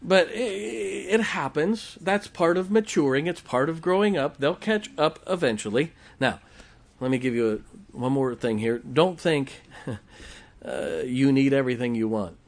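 A man's voice: fairly high pitch, expressive, a little slow. A middle-aged man preaching a folksy sermon, often asking the congregation questions. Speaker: pastor.

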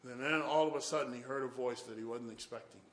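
A man's voice: mid-range voice, quick pace, fairly bright tone. A man preaching a sermon, telling a story animatedly and acting out the voices of the people in it, with sudden whoops. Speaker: guest preacher. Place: church. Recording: echoey church room.

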